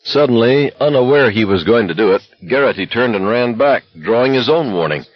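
A man narrates a novel in a very deep, slightly husky voice with a steady, even delivery. The recording is dry and dull, with a lo-fi sound. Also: brisk, no room sound. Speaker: audiobook narrator.

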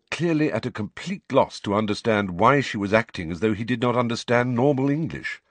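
Brief: expressive male storyteller, lively melody, dry studio read. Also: on the low side, dry recording. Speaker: audiobook narrator. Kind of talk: expressive scripted narration.

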